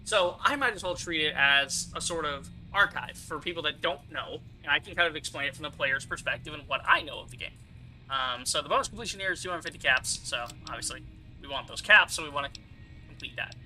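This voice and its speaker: In this low-quality recording with faint music behind him, a young man commentates his game playthrough in a bright, pushed, slightly fast voice on the high side. It's casual let's-play chatter from a gaming streamer, full of fillers, asides, and mechanic explanations.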